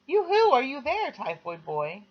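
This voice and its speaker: A cheeky teenage girl, as a reader puts her on, lifts her voice high and bright and needles the boy next door. The recording sounds slightly dull and lo-fi. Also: wildly swooping pitch, unhurried, exaggerated voice. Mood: teasing. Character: chatty teenage girl patient, teasing.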